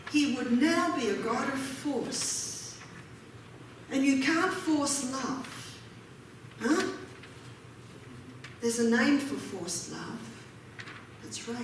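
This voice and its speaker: A woman's voice: sits high, a little hiss or hum. A woman preaching a sermon, reading scripture aloud and asking her audience rhetorical questions. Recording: echoey hall from a distance.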